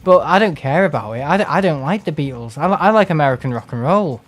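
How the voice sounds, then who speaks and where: Faint music plays behind an English man chatting casually while he plays on a live stream. He rambles, gets sarcastic, and imitates people in put-on voices, speaking fast and expressively in a voice on the high side.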